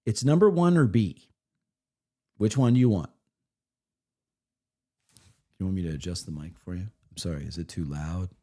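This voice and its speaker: A man with a low, mellow voice talks through a recorded tabletop session on a live stream. He rambles a bit, restarting his sentences as he critiques. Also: normal speed, long pauses. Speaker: streamer reacting to a game session. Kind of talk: live reaction commentary.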